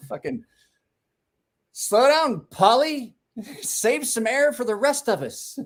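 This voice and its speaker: A man's voice: very high-pitched, lively intonation, slow pace. A man hosting a casual podcast, teasing his friend with lots of swearing and laughter. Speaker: podcast host. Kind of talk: casual banter.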